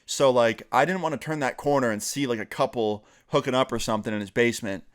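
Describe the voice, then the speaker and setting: A man's voice: mid-range voice, fast talker. Chatty young man telling a story. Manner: chatty, filler-heavy, acts out quoted friends. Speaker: vlogger. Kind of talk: casual storytime.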